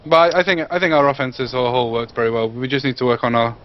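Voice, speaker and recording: A man who plays in the match and is interviewed afterwards, joking dryly and talking fast. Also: mid-range voice, fairly even intonation, lo-fi sound. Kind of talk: casual post-game interview.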